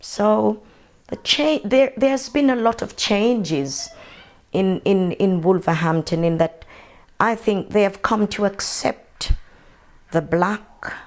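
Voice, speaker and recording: Older jamaican lady, gravelly voice, just calmly telling her story, mid pitch. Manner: unhurried storytelling, steady and matter-of-fact. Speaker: interviewee. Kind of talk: oral history interview.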